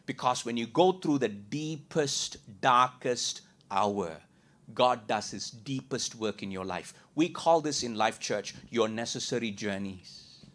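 A man preaching a sermon as a pastor, asking rhetorical questions and repeating points, moving between loud emphatic lines and quiet ones. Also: medium pitch, expressive, a little slow.

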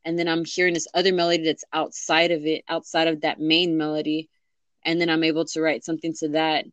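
A woman's voice: deep voice, flat delivery, fairly quick, no room sound. A young woman in casual chat, rambling with lots of fillers and restarts. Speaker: interviewee.

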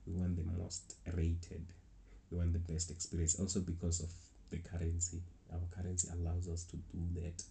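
A man's voice: deep voice, gravelly, warm tone, slight background noise. A young man casually telling a rambling travel story. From South Africa. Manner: rambling, with many restarts and acted-out quotes. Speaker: travel vlogger.

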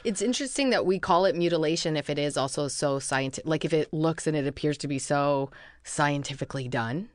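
A woman in casual podcast chat, animated and quick to react. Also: low-pitched, no echo, clean studio sound.

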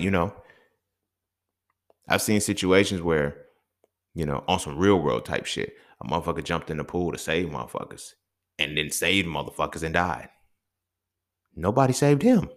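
Deep-voiced man ranting on a podcast. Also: normal speed, a bit bright. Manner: blunt and profane, often rising into emphatic rants; keeps checking in with the listener. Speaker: podcast host. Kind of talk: unscripted solo podcast monologue.

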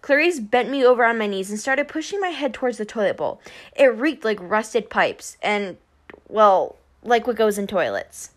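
Woman reading a kids' novel out loud, first person, wry, fairly high voice. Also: expressive, moderate pace. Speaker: audiobook narrator. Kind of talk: first-person audiobook narration.

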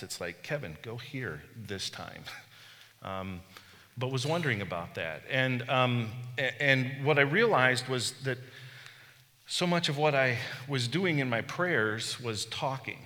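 A man's voice: lowish voice, bright, forceful tone. A middle-aged man giving a conversational sermon as a bishop, telling candid, self-deprecating stories with the odd chuckle. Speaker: bishop preaching. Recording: long reverb from a large room.

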